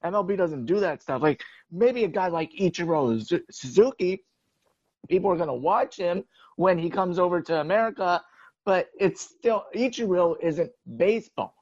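A young man with a fairly high voice co-hosts a sports podcast, rambling casually and filling his sentences with "like". The sound is dull and lo-fi, with a dry, close feel. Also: moderate pace, no room sound. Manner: relaxed, rambling, filler "like". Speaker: podcast co-host.

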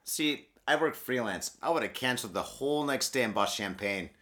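Joking guy w a bright lively voice, swears, keeps saying dude, faint music. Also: medium pitch, a little fast. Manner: loud, joking reactions, swears, says dude a lot. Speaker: podcast co-host. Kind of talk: casual chat.

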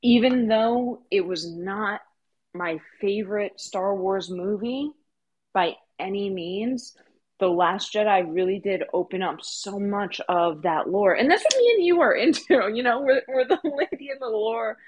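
A woman co-hosting a podcast in relaxed conversation. She speaks eagerly and earnestly, in a mid-range voice. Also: mid-range voice, unhurried, slightly rough, dull audio. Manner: enthusiastic, earnest. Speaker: podcast co-host. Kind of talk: casual chat.

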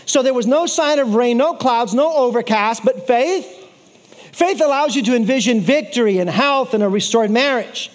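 Man, very high voice, preacher, sermon, lively storytelling, playful asides, repeats phrases for emphasis.

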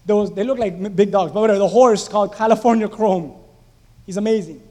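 A man's voice: sits high, fast, darkish tone, in a large hall. A man preaching a conversational sermon, telling stories animatedly and putting questions to the congregation in a church sanctuary. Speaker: pastor.

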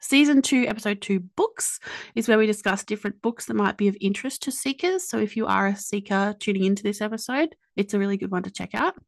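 A woman with an Australian accent hosting a podcast, chatty and quick to joke at her own expense. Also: mid-range voice, gravelly, no echo. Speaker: podcast host. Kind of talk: casual podcast chat and scripted intro.

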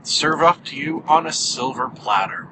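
A man's voice: a little high, lively intonation, moderate pace. A man hosting a podcast alone, talking casually and joking wryly at his own expense while driving. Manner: wry, joking, self-mocking. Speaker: podcast host. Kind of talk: casual solo podcast monologue. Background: car engine and road hum.

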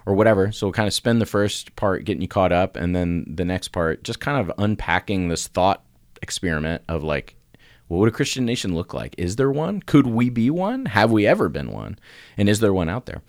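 A middle-aged man co-hosting a casual church podcast, telling stories with frequent laughter and jumping into a high voice when he acts out quotes. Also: sing-song, brisk, dry recording, clean studio sound. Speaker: podcast co-host.

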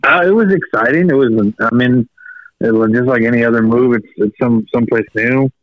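A man's voice: mid-range voice, brisk, dry recording. A man taking part in a casual chat as a guest, recalling events plainly. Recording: dull, dry, muffled sound.

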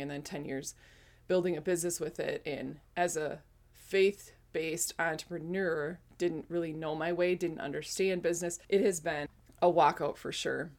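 A woman's voice: deep voice, a little mellow. A woman in her forties telling a casual personal testimony, rambling with frequent self-corrections. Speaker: speaker sharing a spiritual testimony.

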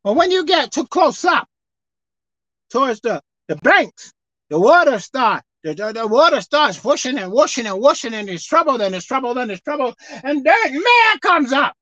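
A woman preacher delivering a televised sermon with a high, bright voice. She swings from loud exclaiming to low murmuring, her pitch leaping all over. The sound is dry and close. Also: very animated, moderate pace, dry recording, poor audio.

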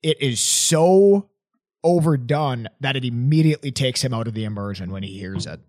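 A male podcast co-host who talks casually and pokes fun at himself. His voice swings widely in pitch as he tells his stories. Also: expressive, darkish tone. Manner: chatty, self-mocking, quick to laugh.

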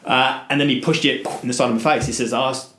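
A man guesting on a podcast, telling an adventure story in an animated way, acting out voices and restarting his sentences. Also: mid-range voice, fast talker, roomy sound. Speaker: guest, adventurer and motivational speaker.

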